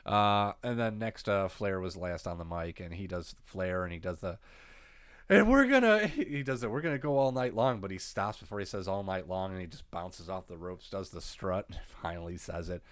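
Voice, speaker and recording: A man's voice: low-pitched, fairly even intonation, moderate pace, few pauses, no room sound, clean studio sound. A man co-hosting a casual recap chat, laid-back and swearing freely, getting over a cold. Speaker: podcast co-host recapping wrestling.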